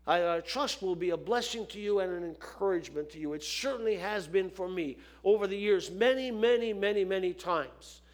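High-voiced man preaching a sermon. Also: a little fast, few pauses. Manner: folksy, repeats phrases for emphasis.

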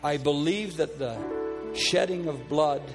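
Over music, a man preaches at a measured pace, serving as pastor as he summons people forward and prays earnestly for them. His sermon includes an altar call, and he softens and lowers his voice for the prayers he quotes.

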